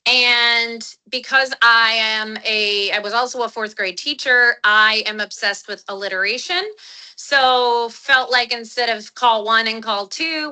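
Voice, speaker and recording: A woman with a sharp, very bright voice sitting a touch high hosts an online call. She is chatty and eager, restarting her sentences as she goes, and talks into a phone. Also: rough recording. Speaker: webinar host. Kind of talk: casual online community call.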